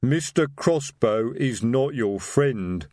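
A man voicing a huge, slow-witted male troll sergeant who rumbles his words. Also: animated, dark tone, no room sound, clean studio sound. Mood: sheepish.

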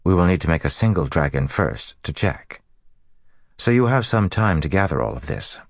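A man voicing a curt, stern female bomb-maker in an audiobook, speaking in a flat, formal, vaguely hostile way. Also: sits low, moderate pace, vocal fry, no room sound, clean studio sound, heavily acted. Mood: firm. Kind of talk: audiobook character voice.

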